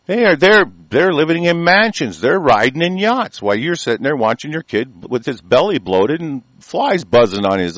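A man on an angry political tirade, his fairly high voice swinging widely up and down. He rambles and restarts, peppering his speech with fillers and swearing. The recording is dry and close, with no room sound. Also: no echo, low-quality recording. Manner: heated and rambling, frequent stumbles and fillers, profane. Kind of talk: political rant monologue.

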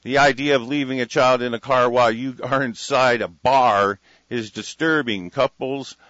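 A man hosting a solo talk radio show, ranting with heavy profanity, dropping from muttered asides to loud declarations. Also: mid-range voice, steady tone, normal speed, no echo. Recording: lo-fi radio broadcast sound.

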